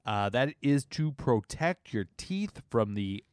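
A man's voice: mid-range voice, lively intonation, takes it slowly, a little mellow, no room sound, studio quality. A man hosting a casual comedy radio show, playful and laughing often, explaining with frequent asides.

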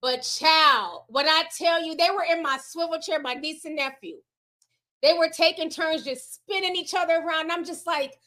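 A woman's voice: very high voice, moderate pace, a bit bright. A woman in her forties, raised in the United States, chatting casually on a livestream, reading viewer messages with slangy asides and frequent laughs. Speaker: livestream host reading super chats.

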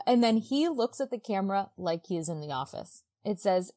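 A woman co-hosting a podcast, casually retelling a novel's scenes with quick put-on quotes and lots of "like". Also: mid-range voice, dark tone. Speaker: podcast co-host. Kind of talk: casual book-club chat.

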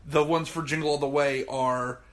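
A man's voice: a little high, fairly even intonation, fairly bright tone. Joking, swearing podcast man. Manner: swearing, jokey, puts on quick silly voices. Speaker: podcast co-host. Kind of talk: casual chat.

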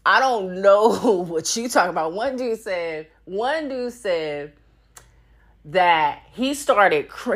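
A young woman hosting her own podcast, chatting casually and candidly, swearing freely and laughing often. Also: sits low. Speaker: podcast host. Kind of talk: casual solo podcast chat.

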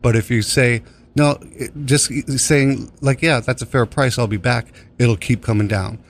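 A man hosting a radio show chats casually into a studio microphone, with a voice of ordinary middle pitch. He rambles from thought to thought, cracks jokes and swears without a second thought. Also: steady tone, moderate pace, slight background noise. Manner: rambling, joking, swears freely. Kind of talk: casual on-air chat.

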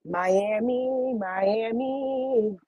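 A woman's voice: fairly high pitch, extremely slow, breathy edge, dry recording, narrow, tinny audio. A woman from Louisiana hosting a casual livestream, chatting with viewers in a sassy, playful, teasing way and laughing often, talking into a phone with headphones on. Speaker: reality TV reviewer, livestream host.

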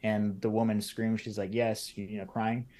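Low-voiced man retelling a story. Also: flat delivery, moderate pace, warm tone. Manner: retells events in detail, acting out quoted lines, many fillers like "like". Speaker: podcast guest. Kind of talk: casual personal storytelling.

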